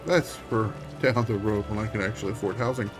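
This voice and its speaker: A man streaming a game, giving relaxed, wry commentary that half talks to himself. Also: lowish voice, fairly quick, over music. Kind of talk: casual gameplay commentary.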